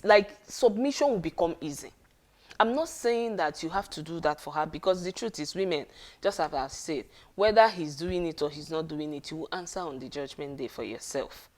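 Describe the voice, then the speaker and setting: A woman's voice: on the low side, animated, normal speed, a little mellow. A woman giving an earnest, casual talk on marriage and often checking in with her listeners. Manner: earnest, conversational, with frequent check-ins to listeners.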